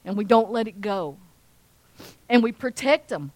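A woman, preaching and telling a story with lively acted-out voices of a cheering crowd. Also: a little slow, pauses often, no echo. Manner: animated, acts out cheering crowds in a high voice. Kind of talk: sermon storytelling.

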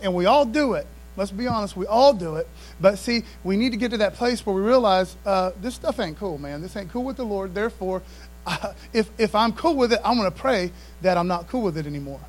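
A man with a notably high speaking voice delivers a sermon. He talks to the congregation in a relaxed, conversational way. He leans hard into emphatic points and keeps asking for call-and-response replies. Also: low-quality recording. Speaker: pastor.

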